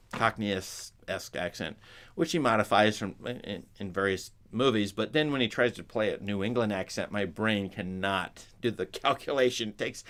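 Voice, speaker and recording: Rambling, low-voiced man talking films. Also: a bit bright. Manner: rambling, full of restarts and asides. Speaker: film commentator. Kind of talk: casual talk to viewers.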